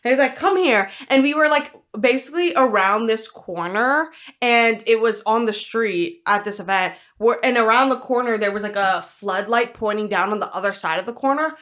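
Higher-voiced woman telling a story. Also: normal speed, hardly any pauses. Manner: animated storytelling, lots of fillers, acts out quotes. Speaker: podcast co-host. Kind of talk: casual chat.

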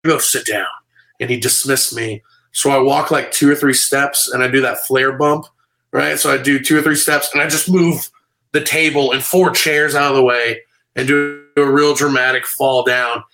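Bright-voiced man telling stories. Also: medium pitch, moderate pace, low-quality recording. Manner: animated, filler-heavy storytelling. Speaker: comedian guest. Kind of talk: casual storytelling on a video call. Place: home room. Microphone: video call.

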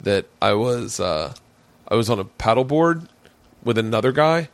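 A man's voice: mid-range voice, animated, moderate pace, no room sound. A man hosting a podcast from his man cave, swapping loose, profane stories in casual chat. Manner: rambling storyteller, profane, jokey. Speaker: podcast host.

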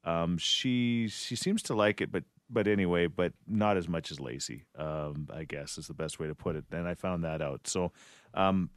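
Deep-voiced middle-aged man telling a story. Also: no echo, studio quality. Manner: animated, laughing storyteller. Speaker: radio show co-host. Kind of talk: casual storytelling chat.

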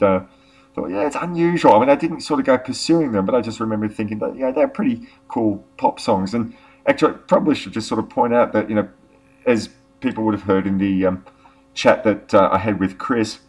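A man's voice: lowish voice, brisk, darkish tone. A man hosting a music podcast in casual, rambling chat. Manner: rambling, many fillers and restarts. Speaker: podcast host.

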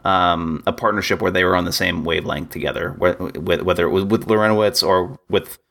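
Low gravelly man chatting about football. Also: fairly even intonation, fairly quick, fairly bright tone. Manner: rambling, hesitant, many fillers and restarts. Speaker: podcast co-host. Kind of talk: casual sports chat.

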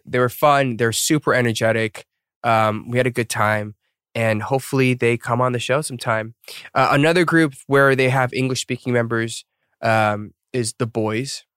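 A man's voice: medium pitch, fairly bright tone, clean tone, no echo. Dry-sounding man chatting, full of fillers. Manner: rambling, filler-heavy, laughs at himself. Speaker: podcast host. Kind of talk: casual podcast chat.

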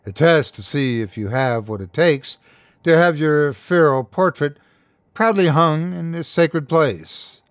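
A man voicing an ancient, horned, inhuman being that speaks calmly and with curiosity, slow and quietly menacing. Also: on the high side, smooth, no room sound, studio quality, natural voice.

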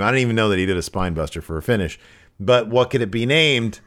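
Low-voiced male co-host, animated and jokey in relaxed chat. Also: fast talker. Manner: animated, joking, rambling. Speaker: podcast co-host. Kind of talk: casual chat recapping wrestling.

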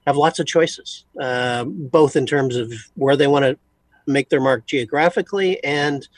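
Male guest, mid-pitched, articulate, dry close sound. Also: a little slow, no room sound. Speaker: community foundation guest. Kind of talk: radio interview.

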